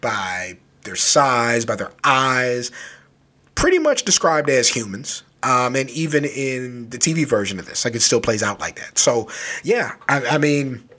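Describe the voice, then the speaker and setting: A man casually recapping a children's horror story, loose and animated, with lots of filler words. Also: mid-range voice, measured pace. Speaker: book reviewer.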